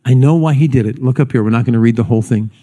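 Telling a homespun story first, this male pastor addresses his congregation in a sermon, then eases his pace and goes soft and low whenever he reaches the serious parts.

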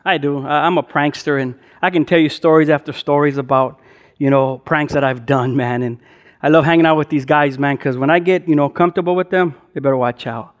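High-voiced man telling a story from the pulpit. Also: brisk. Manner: chatty storyteller full of "man" and "bro" with many fillers; animated, jumps high in pitch when acting out excitement. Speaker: pastor. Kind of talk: sermon opened with a casual told anecdote.

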